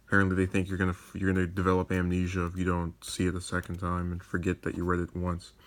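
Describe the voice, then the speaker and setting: A man's voice: sits low, monotone, fast. A young man reading news reports aloud and then commenting on them in a sardonic, digressive way, often restarting his sentences. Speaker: political commentator.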